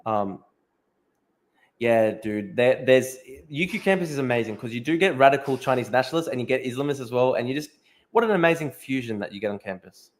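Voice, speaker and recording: A man's voice: mid-range voice, lively intonation, a little fast. Profane young man livestreaming. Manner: profane, laughing, scrolling and reacting to posts. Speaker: livestream host. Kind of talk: casual livestream chat reading comments.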